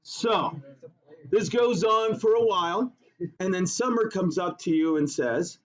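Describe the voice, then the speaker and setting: A male teacher giving a classroom lesson, teasing his students in a joking, animated way. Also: sits high, a little slow. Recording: dull lo-fi classroom recording.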